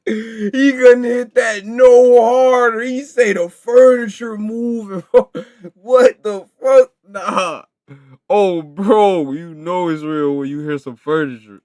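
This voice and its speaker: A man comments slowly on a clip in a fairly high voice, laughing between short exclamations. The sound is dry and close. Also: no echo. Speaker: reaction video host. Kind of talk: casual reaction commentary.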